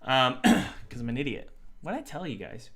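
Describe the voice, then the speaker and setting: Young man, game developer live stream, thinks aloud, bright voice, lively pitch. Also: moderate pace. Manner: self-talking, thinks aloud, chatty with chat. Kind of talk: casual live-stream talk while working.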